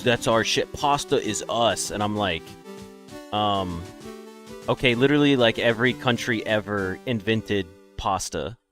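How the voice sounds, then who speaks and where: A man's voice: low-pitched, fairly bright tone. A man giving casual, rambling let's-play commentary with profane, laughing asides. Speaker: gaming video creator.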